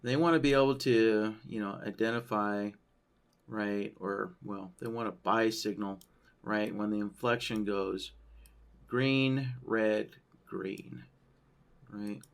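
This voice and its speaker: Slow, gravelly-voiced man teaching software. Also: fairly low pitch, fairly even intonation. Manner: loose, thinking aloud, frequent "right?" tags. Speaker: software trainer. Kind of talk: screen-share tutorial walkthrough.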